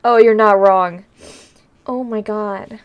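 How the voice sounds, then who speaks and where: A woman's voice: mid-range voice, steady tone, slow pace, clear, resonant tone, lo-fi sound. A young woman streamer in her twenties chatting casually, teary and laughing, rambling with many fillers. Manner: emotional, laughing through tears, rambling with fillers. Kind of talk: casual live-stream chat.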